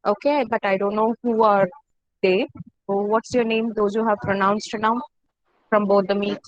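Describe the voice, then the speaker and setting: A woman teaching an online class, slowly repeating each word for her students. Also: medium pitch, steady tone, no echo, highs cut off. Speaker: French teacher.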